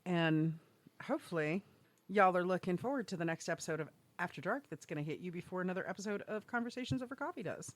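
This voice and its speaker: A woman's voice: fairly low pitch, fast talker. A woman co-hosting a podcast in casual chat, swearing freely and laughing often as she talks. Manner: profane, excitable and laughing. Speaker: podcast co-host.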